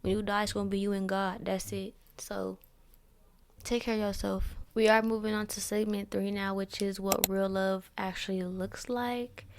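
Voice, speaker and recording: On her own podcast, a young woman vents candidly, giving relationship advice that is blunt, preachy and profane, full of casual slang. Her mid-range voice is gravelly and a little mellow.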